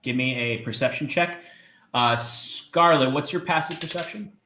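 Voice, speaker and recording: A man narrating as game master of a tabletop game, describing scenes hesitantly with many filler pauses. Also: medium pitch, sharp tone, echoey room.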